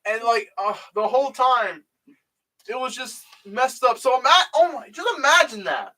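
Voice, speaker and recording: A young man with a very high-pitched, bright, forceful voice speaks at a moderate pace with lots of expression, sitting a bit off a distant mic. As a YouTube host in a casual chat, he retells a video in a rambling way packed with "like" and "you know."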